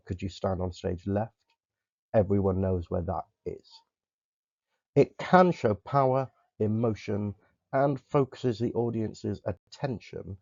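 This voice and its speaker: A male drama teacher from Somerset, clearly explaining stage terms and vocal skills in a recorded lesson. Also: on the low side, dark tone, dry recording. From Somerset, England. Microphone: close desk microphone. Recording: dull, lo-fi dry recording.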